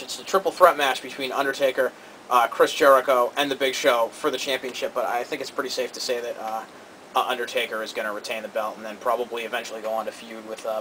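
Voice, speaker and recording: A man co-hosting a casual talk show, giving quick, opinionated takes with lots of energy. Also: medium pitch, sharp tone, slight background noise, rough recording. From Cambridge area. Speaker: co-host.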